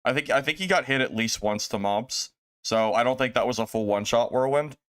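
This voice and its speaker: A man's voice: medium pitch, fairly quick, clean tone, no echo. A man streaming a video game live, commenting with exasperation and talking to his chat. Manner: exasperated, lamenting, talks to chat.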